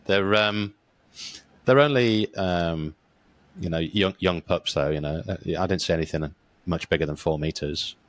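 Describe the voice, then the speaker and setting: A man hosts a podcast in an easygoing, chatty way, his voice very low. He spins dive stories casually and drops the odd swear word. The sound is dry and close, with no room around it. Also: normal speed, no echo. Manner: relaxed storyteller, swears casually, says mate. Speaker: podcast host. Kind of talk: casual interview chat.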